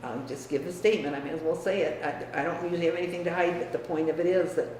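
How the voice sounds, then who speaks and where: An older woman from the US Midwest, reminiscing about her family in a frank, emphatic way that often drops quiet. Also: lowish voice, fairly even intonation, racing. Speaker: interviewee. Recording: echoey room, distant mic, faint hiss.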